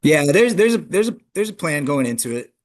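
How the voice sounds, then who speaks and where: Animated male track coach talking shop. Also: brisk. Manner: animated, frequent restarts, jumps in pitch when emphatic. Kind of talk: conversational interview answers.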